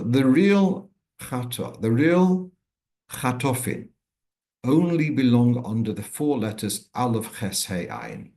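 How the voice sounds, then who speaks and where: An older man with a fairly low voice gives a weekly religious lecture, unscripted and unhurried. He explains rules step by step, stopping now and then to restart a sentence as he thinks aloud. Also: a little mellow. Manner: measured, thinking aloud with frequent restarts and fillers. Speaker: rabbi teaching a weekly class.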